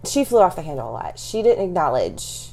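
A woman's voice: on the low side, sing-song, fairly quick, gravelly, warm tone. A middle-aged woman from Texas speaking candidly and reflectively as an interview guest, laughing now and then. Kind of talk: casual conversational interview.

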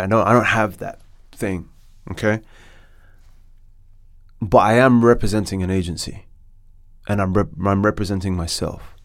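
A middle-aged man, an actor, telling a story in a podcast interview with animated restarts. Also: sits low, dry recording, clean studio sound. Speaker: actor guest.

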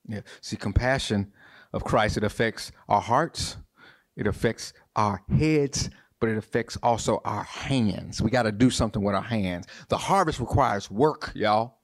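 A man's voice: on the low side, a little slow. A man preaching a sermon in an informal, folksy way, repeating his questions and calling on the congregation to respond. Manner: preaching with repetition and call-and-response; folksy, informal church talk with "y'all". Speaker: pastor.

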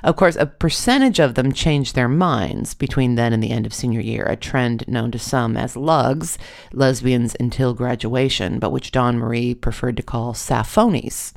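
A storyteller with a gravelly, mid-pitched voice tells a funny first-person story. The delivery is dry and wry, with deadpan asides. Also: moderate pace.

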